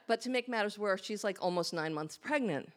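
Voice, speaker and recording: A woman's voice: mid-range voice, expressive, fairly quick, a crowd in the background. A woman telling a candid, self-mocking personal story on stage before a live audience, acting out her own thoughts as she goes. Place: small hall with a live audience.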